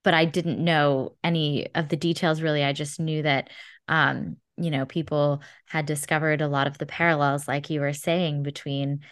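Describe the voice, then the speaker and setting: Low-pitched female host, relaxed and a bit hesitant, dry close mic. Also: normal speed, no room sound. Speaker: podcast host. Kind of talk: casual interview chat.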